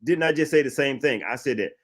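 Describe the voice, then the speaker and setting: A man's voice: medium pitch, fast talker, a little hiss or hum. A man on a talk show panel, insisting on his point and pushing back in a casual debate.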